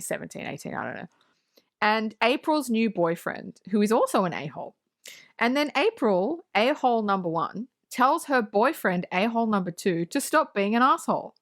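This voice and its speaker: A woman's voice: on the high side, a bit bright. A woman co-hosting a podcast, recapping a movie plot in casual chat with sarcastic, swear-filled asides. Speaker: podcast co-host.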